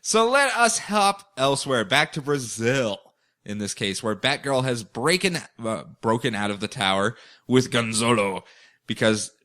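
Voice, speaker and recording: A man hosting a podcast, recapping comic books with animated, jokey storytelling. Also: mid-range voice, unhurried. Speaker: podcast host.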